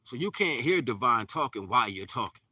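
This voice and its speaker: Guy preaching spirit stuff on a livestream, repeats himself, goes real quiet sometimes, dry sound, sits back from the mic. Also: mid-range voice, big pitch swings, brisk, slightly rough, dry recording, far from the mic. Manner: repetitive, preachy, drops to near-whisper. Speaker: spiritual teacher. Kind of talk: live-streamed spiritual talk.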